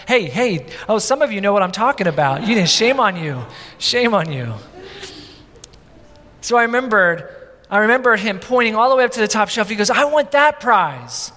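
A man's voice: high-pitched, in a large hall. A male pastor preaching a sermon in a conversational, storytelling way, acting out the people in his story. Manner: animated, conversational, acts out quotes.

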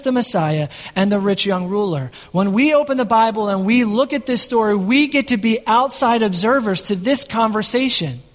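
A man preaching a sermon to his congregation in a church, energetic and often asking the room questions. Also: sits high, in a large hall. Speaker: pastor. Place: church sanctuary. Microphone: headset microphone.

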